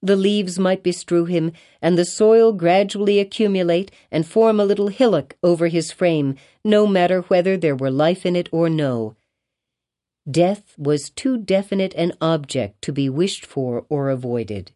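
Mellow-voiced woman reading a classic novel. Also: fairly low pitch, a little slow. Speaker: audiobook reader. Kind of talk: scripted narration of a classic novel.

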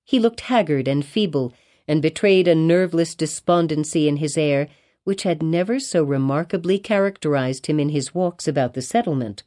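A woman reading a classic novel aloud as an audiobook narrator, in a measured, even storytelling delivery. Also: low-pitched. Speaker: audiobook reader.

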